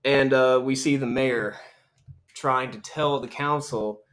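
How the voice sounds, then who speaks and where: A man's voice: mid-range voice, fairly even intonation, fairly bright tone. A young man casually recapping a film on a podcast, rambling and joking as he quotes the characters. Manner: rambling, jokey storytelling with quick character quotes. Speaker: podcast co-host.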